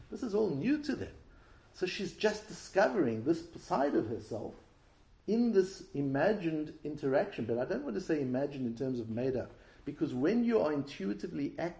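A man's voice: fairly high pitch, vocal fry, mellow. A man giving an explanatory Torah class who asks rhetorical questions and repeats words as he restarts his phrases. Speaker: Torah teacher. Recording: roomy echo.

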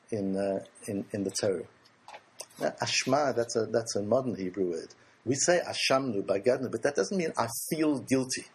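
Man lecturing a class, gravelly, slightly high voice, emphatic. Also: darkish tone, slight background noise. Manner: rhetorical questions, answering himself; earnest, emphatic. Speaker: religious teacher. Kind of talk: Torah lecture to a group.

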